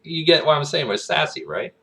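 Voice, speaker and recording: A man's voice: fairly high pitch, animated, fairly quick, pushed and bright. A man vlogging about acting in a casual, rambling monologue full of fillers and laughter. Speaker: aspiring actor, vlogger.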